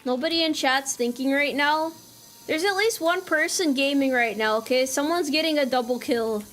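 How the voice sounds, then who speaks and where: High-voiced playful woman streamer. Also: moderate pace, a bit bright. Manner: playful, teasing, chatty. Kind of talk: casual gameplay commentary.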